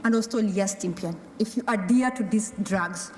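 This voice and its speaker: At a normal speed and in a mid-range, slightly mellow voice, a woman from the Maasai community of Kenya or Tanzania tells of being a tuberculosis survivor, imitating her doctors and her mother. The recording in a large conference hall is echoey, with slight background noise.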